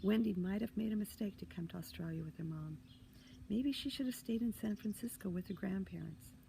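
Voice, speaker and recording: A woman author reading a children's chapter book aloud, expressive with hushed asides. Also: medium pitch, fairly quick, creaky, slight background noise, low-quality recording. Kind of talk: storybook reading.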